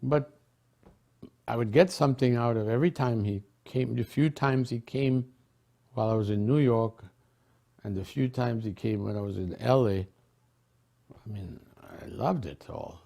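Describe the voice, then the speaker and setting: An older man from a Caribbean island telling personal memories in a relaxed, chatty way, laughing often and restarting his sentences. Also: mid-range voice, normal speed, vocal fry, pauses often. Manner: warm storytelling with frequent laughs and restarts. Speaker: devotee sharing memories. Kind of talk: casual reminiscence.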